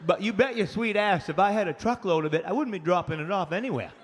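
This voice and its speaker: A man's voice: high voice, quick pace, husky. A man from Maine with a Maine accent, doing rowdy, profane stand-up comedy, telling stories with acted-out voices. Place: comedy club stage. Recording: live club set with echoing reverb and faint room noise.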